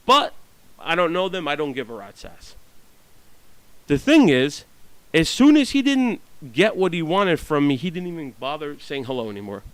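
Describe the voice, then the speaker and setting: A man's voice: a little high, fairly bright tone, clear, resonant tone, no room sound, poor audio. Blunt, profane man ranting. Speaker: vlogger. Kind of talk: casual venting monologue.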